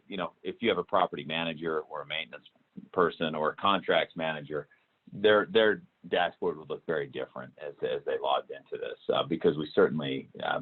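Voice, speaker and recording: A man walking through a software demo in a webinar, talking with many fillers and restarts. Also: extremely low pitch, slightly rough. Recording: tinny phone-like call audio.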